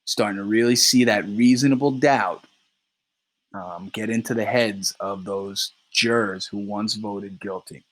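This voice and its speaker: A male teacher reading a play aloud for his class and explaining it in a relaxed way. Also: lowish voice, measured pace, poor audio. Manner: explains terms between lines, relaxed.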